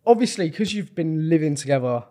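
Man from Wales, slightly high voice, laid-back filler-heavy questions, podcast co-host. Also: animated, brisk, warm tone. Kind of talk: casual interview chat.

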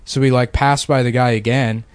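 Male co-host, mid-pitched, rambling deadpan humor, dry close sound. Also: normal speed, clear, resonant tone, no room sound. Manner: rambling, profane, deadpan jokes. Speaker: podcast co-host. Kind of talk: casual comedic chat.

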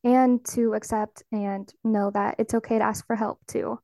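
A woman's voice: mid-range voice, flat delivery, moderate pace, mellow, no room sound, clean studio sound. A woman hosting a casual podcast chat, encouraging and speaking straight to her listeners. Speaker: podcast host.

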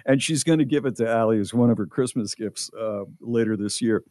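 A man's voice: medium pitch, a little fast, darkish tone, no room sound. A middle-aged man hosting a radio show, reading items aloud in casual banter and reacting with mock disgust.

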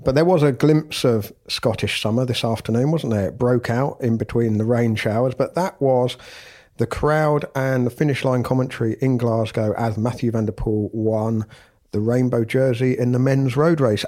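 A man's voice: mid-range voice, fairly even intonation, moderate pace, mellow. A man co-hosting a podcast, talking things through in a thoughtful, reflective way. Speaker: podcast co-host. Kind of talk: casual podcast chat.

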